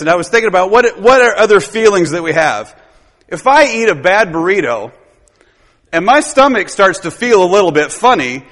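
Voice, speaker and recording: A pastor preaches in a loose, rambling style, leaning on tag questions and quick chuckles. His voice sits high for a man. A long reverb tail from the church hall trails each phrase. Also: a bit bright. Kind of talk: sermon.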